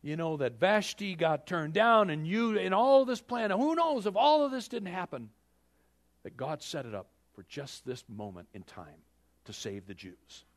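A male preacher delivers a sermon as a lively story and speaks directly to the congregation. His voice sits slightly high and rises and falls with wide, animated swings. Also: a little slow.

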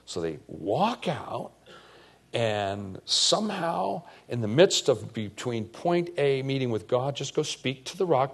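A man preaching a sermon in an animated, conversational way, full of rhetorical questions. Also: medium pitch. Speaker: pastor.

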